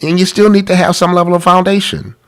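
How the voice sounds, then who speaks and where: A man's voice: high voice, level tone, fast. A man hosting a live-streamed talk about money, congested from a cold, earnest and pleading, repeating himself. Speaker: podcast host.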